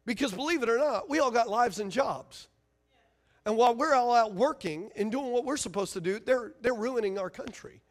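A man's voice: very high-pitched, normal speed. A man preaching a sermon as pastor, emphatic and fiery, firing rhetorical questions at his congregation.

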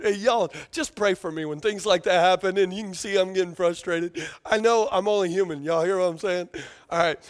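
A pastor preaching a sermon to a congregation in a church, talking with lively slang and calling for responses. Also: male voice, high voice, a little fast. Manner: energetic, call-and-response with congregation, casual slang. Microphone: handheld or stage microphone.

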